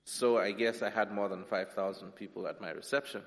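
A man from Nigeria, preaching a sermon with humour, swinging between loud and soft. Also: on the low side, steady tone, a little fast. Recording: long hall reverb.

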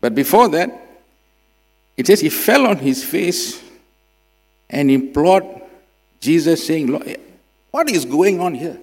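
A man from Singapore, preaching a sermon and swinging between loud emphasis and quiet drops. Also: on the high side, lively intonation, takes it slowly, pauses often. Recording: long hall reverb with mains hum.

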